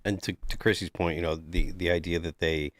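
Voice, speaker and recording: Male podcast co-host, deep and dry, earnest and rambling. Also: steady tone, a little fast, no room sound. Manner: earnest, frequent restarts. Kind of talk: casual panel discussion.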